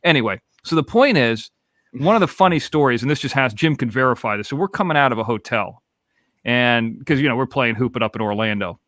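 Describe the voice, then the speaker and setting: A man's voice: medium pitch, expressive, fairly quick, fairly bright tone, no echo, clean studio sound. Laid-back, profane man from Florida. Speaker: podcast host. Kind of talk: casual storytelling chat.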